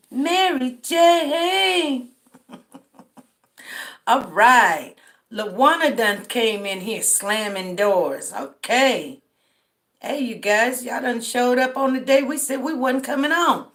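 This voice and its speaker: A middle-aged woman from Denver, tired, hosting a casual livestream and greeting viewers by name. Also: fairly high pitch. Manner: greets viewers by name, drawls friendly shout-outs. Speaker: livestream host. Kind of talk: casual livestream roll call.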